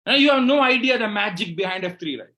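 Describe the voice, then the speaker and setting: A man with a high voice and a Malayali Indian English accent delivers a motivational speech. He fires off rhetorical questions and checks in with the crowd by asking "right?" after each point. His delivery stays animated throughout. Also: quick pace. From Kerala, India. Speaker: motivational speaker.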